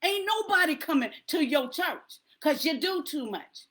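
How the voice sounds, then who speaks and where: A woman's voice: high-pitched, expressive, unhurried, a bit bright. A woman preaching to a congregation in an emphatic, repetitive rallying cadence.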